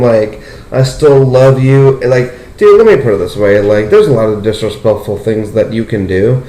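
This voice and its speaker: A young man hosting a casual podcast chat, telling a story with lots of "like" and "dude" and jumping up in pitch when he gets excited. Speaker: podcast host. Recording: roomy echo.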